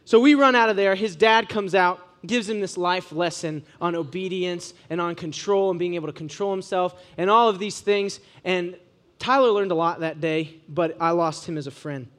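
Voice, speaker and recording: A young man gives a relaxed, joking sermon to students. His voice sits fairly high, and he tells stories in an animated, offhand way. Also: normal speed. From Ohio, USA. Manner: casual, joking, animated storyteller. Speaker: preacher to students. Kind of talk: sermon with humorous storytelling.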